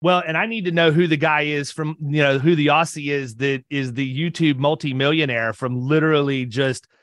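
A man's voice: a little high, fairly even intonation, fairly quick, a bit bright. A man in his fifties hosting a podcast, talking in a loose, rambling way with many restarts. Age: 50s. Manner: talkative, rambling with frequent restarts. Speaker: podcast host. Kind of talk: casual interview chat.

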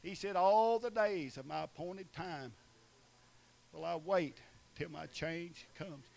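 A preacher from Eastern Oklahoma who swings between shouted, chanting preaching and quieter asides with short laughs. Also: male voice, on the high side, slow pace, vocal fry. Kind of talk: sermon.

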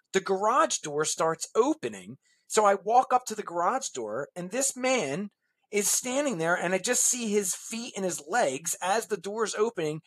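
A man telling a long anecdote as an interview guest, acting out quoted dialogue with lively shifts in his voice. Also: no room sound. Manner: animated anecdotes, acts out quoted dialogue with pitch jumps. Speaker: guest, musician and designer. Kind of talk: storytelling in a podcast interview.

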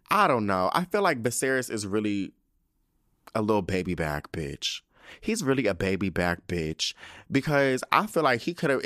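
A young man hosting a podcast, giving a casual episode recap as a profane, animated rant full of slang. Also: medium pitch, no echo, studio quality. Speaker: podcast host.

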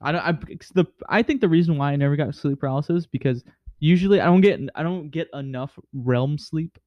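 A young man who talks fast and a bit high, rambling through stories with constant fillers. The sound is dry and slightly dull, like a close, lo-fi podcast mic. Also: no echo. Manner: rambling storyteller, fillers like "you know what I mean". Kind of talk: casual chat.

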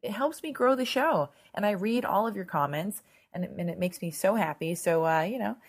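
A hoarse woman hosting her podcast, chatty and animated, swearing freely in a casual intro monologue. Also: mid-range voice, a little fast. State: hoarse, lost voice. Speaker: podcast host. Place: Los Angeles.

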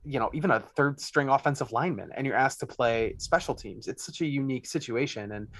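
A man's voice: mid-range voice, fairly quick, no echo. A man hosting a casual sports podcast, reading out listener questions and joking with his co-hosts. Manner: animated, reads out listener questions, laughs often. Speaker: podcast host.

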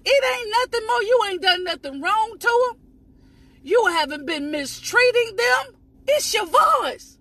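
A woman preaching a fervent sermon, shouting, repeating phrases, letting out sudden high whoops, and talking straight to her listeners. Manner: addresses listeners directly and asks them to repeat after her.

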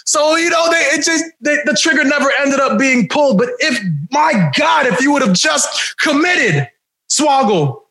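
A man co-hosting a podcast, excitable and teasing, often laughing and shouting in casual chat. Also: extremely high pitch, moderate pace. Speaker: podcast co-host. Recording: echoey room.

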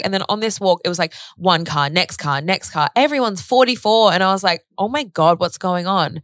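A young woman candidly telling a personal story in casual conversation, animated and full of "like". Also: fairly low pitch, a little fast, few pauses, dry recording, clean studio sound. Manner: candid, animated retelling with frequent "like" and swearing.

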